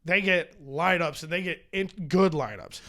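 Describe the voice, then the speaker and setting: A man's voice: fairly high pitch, lively intonation, moderate pace, pushed and bright. A man who is a stand-up comedian, talking as a podcast guest in a rambling, profane, self-mocking way. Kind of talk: casual chat. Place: podcast studio.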